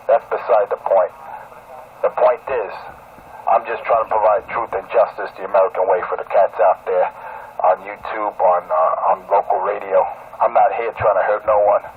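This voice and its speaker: A man trading insults on a CB radio channel, taunting and calling the other man 'brother' again and again. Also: lowish voice. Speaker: CB radio caller. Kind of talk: trash-talking radio banter. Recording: tinny radio transmission with crowd noise.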